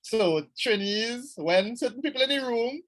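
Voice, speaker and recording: A man with a Trinidadian accent co-hosting, making halting remarks. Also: extremely high pitch, animated, a bit bright. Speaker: co-host. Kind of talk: casual interview talk.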